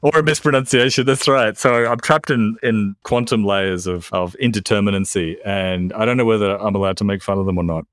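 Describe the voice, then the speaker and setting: A man's voice: on the low side, steady tone, brisk, few pauses, no echo. A man co-hosting a podcast in casual chat, with dry, self-deprecating humor. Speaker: podcast co-host.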